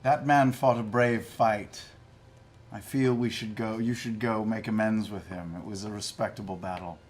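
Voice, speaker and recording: A man playing a tabletop game, deadpan and mock-earnest in character. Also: lowish voice, moderate pace. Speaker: player.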